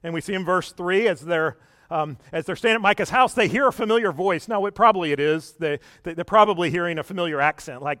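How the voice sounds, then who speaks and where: A man preaching a sermon in a conversational way, often asking the congregation questions and dropping his voice low for asides. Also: quick pace, fairly bright tone, no echo, studio quality. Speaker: pastor.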